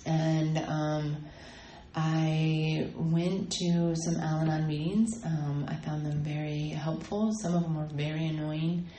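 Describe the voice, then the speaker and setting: A woman telling her personal recovery story at a meeting, halting and full of ums and restarts. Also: sits low, little pitch movement, dark tone, echoey room, a little hiss or hum, poor audio. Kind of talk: personal testimony talk.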